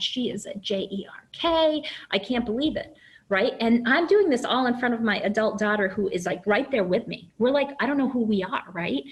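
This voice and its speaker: A middle-aged woman presents a webinar over a video call, open and down to earth. She talks at an ordinary middle pitch, often pauses on "um", and draws examples from her own life. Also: low-quality recording. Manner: candid, uses herself as example, many fillers. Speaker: early childhood program director.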